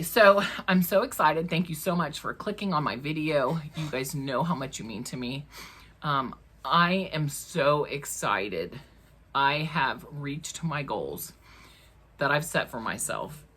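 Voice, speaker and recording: A woman's voice: very deep voice, fairly bright tone, slightly rough. A woman hosting her own craft channel, talking casually to camera from her crafting room at home, chatty and emotional, laughing often.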